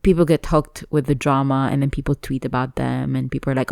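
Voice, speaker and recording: Low smooth-voiced woman chatting on a podcast, teasing, dry close mic. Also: fairly even intonation, brisk, darkish tone, no room sound. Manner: chatty, laughs often, teasing. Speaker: podcast co-host. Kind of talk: casual chat.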